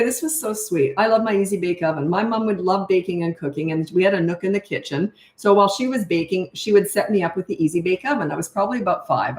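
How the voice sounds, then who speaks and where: A medium-pitched woman's voice with a reverberant sound belongs to an older parenting coach. She answers live questions in a chatty, storytelling way, imitating voices as she recounts anecdotes.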